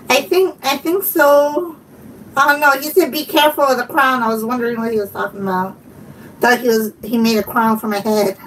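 A giggly woman in casual live-stream chat, her voice high and her delivery unhurried. She sits some way from the mic, with faint noise behind her. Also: far from the mic, low-quality recording. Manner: giggly, chatty, laughs often and reads chat aloud.

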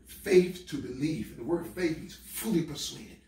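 High-pitched preacher guy, repeats stuff, shouts, echoey church, mic far away. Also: moderate pace. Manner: call-and-response preaching, repeats phrases, bursts into shouts. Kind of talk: sermon. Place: church sanctuary.

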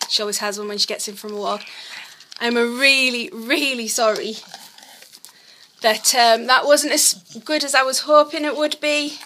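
A woman's voice: a little high, moderate pace, bright, forceful tone, a little hiss or hum. A young woman from North East England chatting casually to her camera while walking her dog along the coast, frustrated and full of fillers. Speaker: vlogger. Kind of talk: casual vlog narration.

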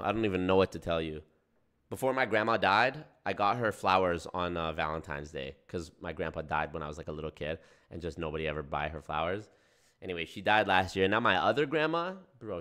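A young man hosting a casual livestream, reacting to chat in a profane, animated way. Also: sits low. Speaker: livestream host.

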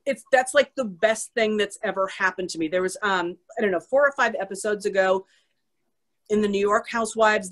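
A woman author talks on a video call in a loose, chatty way. She rambles from one tangent to the next and pokes fun at herself as she goes. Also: mid-range voice. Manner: chatty, self-deprecating, fast tangents. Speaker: author guest. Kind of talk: casual chat on a virtual author event.

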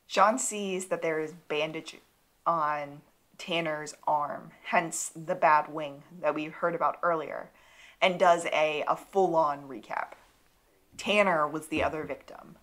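A woman co-hosting a podcast, narrating an episode recap in relaxed casual chat with dry asides. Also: low-pitched, slow pace. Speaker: podcast co-host.

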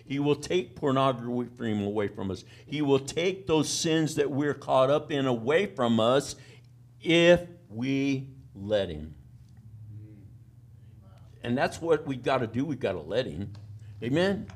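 A man's voice: medium pitch, expressive, slow pace. A man preaching a sermon in a plain country-boy way of talking, folksy, often checking in with the congregation by asking "amen?" and "all right?". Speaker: pastor.

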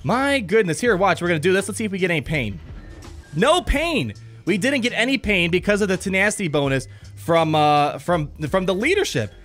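A man giving excited gameplay commentary on a mobile game, enthusiastic and exclamatory, rambling with frequent restarts. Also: sits high, quick pace, hardly any pauses, faint music behind. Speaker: gaming YouTuber.

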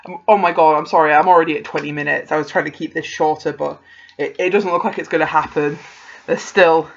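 A young woman, chatting casually as she unboxes a parcel, gasping and gushing with excitement. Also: sits low, fairly quick, vocal fry. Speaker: vlogger opening a parcel. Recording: slightly dull home video audio.

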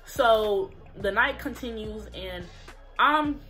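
A woman's voice: on the high side, expressive, slow pace, bright, forceful tone, faint music behind. A young woman telling a storytime on her vlog in a casual, slangy, profane way.

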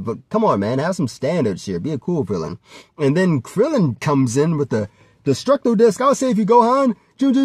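A man's voice: on the high side, slightly rough, dry recording, studio quality. A man giving a rambling, casual commentary, laughing often and swearing freely as he talks. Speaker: vlogger.

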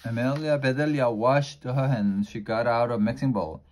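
A man reading a children's storybook aloud in a plain, unhurried way, slowing down for effect. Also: medium pitch, fairly even intonation, a little mellow, slight background noise. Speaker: storybook reader.

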